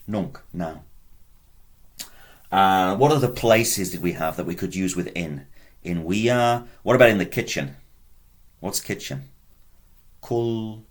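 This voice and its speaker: A man with a fairly low voice teaches Latin in a video lesson. He talks slowly and patiently, repeating each word. His pitch rises and falls a great deal as he coaxes the learner along.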